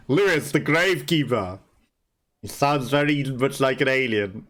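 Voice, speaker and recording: A man's voice: medium pitch, animated, measured pace, a bit bright. A man hosting a let's play, giving chatty, amused gameplay commentary and laughing often. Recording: voice over game music.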